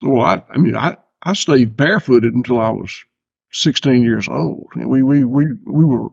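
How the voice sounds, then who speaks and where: An older man with a Southern accent, chatting casually as a podcast guest in a folksy, unhurried way, often restarting his sentences. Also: mid-range voice, gravelly, darkish tone, slightly rough, no room sound. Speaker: guest farmer. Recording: dull, dry lo-fi sound.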